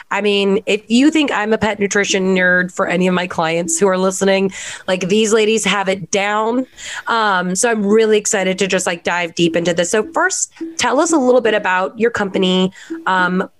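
An upbeat woman co-hosts a casual podcast interview. She talks in a chatty way and drops quick asides as she steers the conversation. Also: medium pitch. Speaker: podcast co-host.

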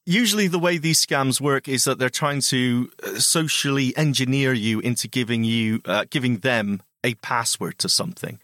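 A man's voice: mid-range voice, normal speed, few pauses, a bit bright, no echo, clean studio sound. A man co-hosting a podcast in casual chat, teasing his co-host and laughing often.

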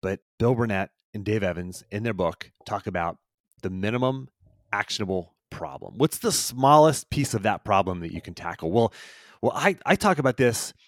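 A man, a performance coach, giving a solo motivational podcast talk in an energetic, emphatic way, repeating key phrases. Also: lowish voice, moderate pace, no room sound, studio quality.

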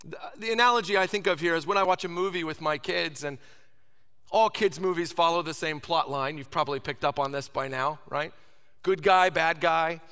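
Male preacher in his 30s, raised pitch, big reverberant hall, dramatic shifts to a whisper. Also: normal speed, clean tone. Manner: dynamic preaching, swings from loud to whispered. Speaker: pastor. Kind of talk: sermon.

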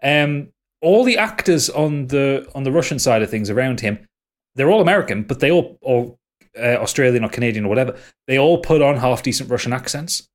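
A man's voice: medium pitch, lively intonation, fairly quick. A man chatting casually about films on a podcast, rambling with lots of fillers and restarts. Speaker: podcast host. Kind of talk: casual film discussion.

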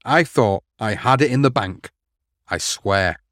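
A man's voice: fairly low pitch, animated, a little slow, a bit bright, no echo, clean studio sound. A man hosting a boxing history show, telling the story steadily and reading out quotes. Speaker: podcast host.

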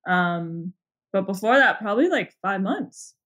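A woman's voice: medium pitch, animated, unhurried, fairly bright tone. A woman with a Canadian accent tinged with Australian and British sounds, chatting as a guest in a giggly, easygoing way. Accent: Canadian with Australian and British touches. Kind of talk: casual podcast chat. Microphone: remote call.

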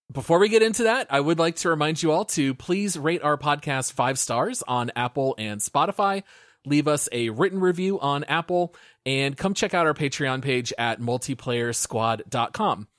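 A man's voice: a little high, a bit bright, no echo, studio quality. A man hosting a gaming podcast, reading the intro in an upbeat, announcer-like way and then chatting casually. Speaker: podcast host.

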